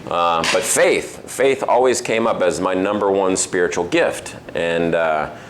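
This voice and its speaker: Lowish man telling stories in a restaurant. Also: a little slow, slight background noise. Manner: storytelling, acts out quoted voices, many fillers. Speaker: restaurant owner giving a talk. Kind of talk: casual talk to a men's group. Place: restaurant dining room.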